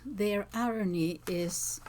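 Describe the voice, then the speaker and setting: A woman teacher answering viewers' comments in an unscripted talk, slow and thoughtful, with frequent hesitations and restarts. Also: medium pitch, darkish tone, slight background noise. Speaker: language teacher and channel host.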